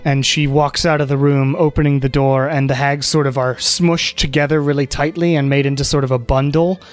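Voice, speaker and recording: A man running a tabletop game as game master, narrating in an unhurried way with many fillers. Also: mid-range voice, little pitch movement, faint music behind.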